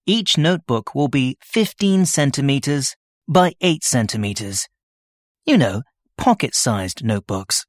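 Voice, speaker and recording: A man's voice: medium pitch, lively intonation, a little slow, no echo, clean studio sound. A man as a workshop tutor in a scripted listening-test dialogue, explaining his plans plainly. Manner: explains plans plainly, answers questions readily.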